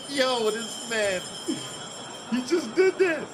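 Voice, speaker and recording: A man's voice: medium pitch, lively intonation, unhurried. A man streaming a casual live reaction, talking in loose slang and breaking into laughter. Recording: clear background noise.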